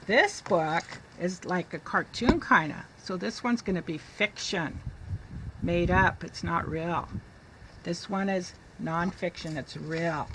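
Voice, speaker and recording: A woman teaching young children to read, reading a picture book aloud in a slow, sing-song way and sounding out letters. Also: medium pitch, sharp tone, slight background noise, low-quality recording.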